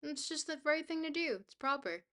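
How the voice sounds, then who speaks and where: A woman's voice: high-pitched, lively intonation, brisk, a bit bright. A young woman livestreamer chatting casually with her viewers, bubbly, goofy and self-deprecating. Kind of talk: casual chat, reading viewer messages.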